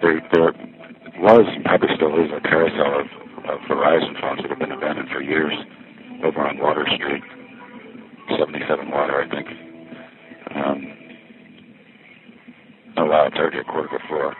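Rumbling low and flat, he talks at a moderate pace and pauses often while strolling a busy city and recording himself on a phone. A little winded, the vlogger muses, meanders and breaks off mid-thought, and the recording sounds tinny with faint music.

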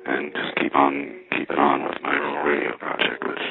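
A man's voice: a bass voice, completely flat delivery, normal speed, vocal fry. A man calling in from a public payphone, rambling wryly in a casual spoken diary as a payphone hobbyist. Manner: wry, meandering, self-correcting. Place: public payphone near a station. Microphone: payphone handset. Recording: tinny payphone line.

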